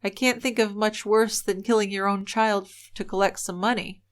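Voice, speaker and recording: A woman's voice: medium pitch, fairly even intonation, normal speed. A woman co-hosting a true-crime podcast, telling the case in an earnest, opinionated way. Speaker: podcast co-host. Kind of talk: casual true-crime storytelling.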